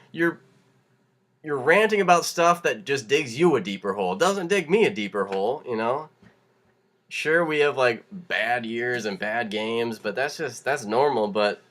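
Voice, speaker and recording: A man's voice: medium pitch, a bit bright. Young guy, casual fired-up rant delivered with laughs and restarts. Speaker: vlogger.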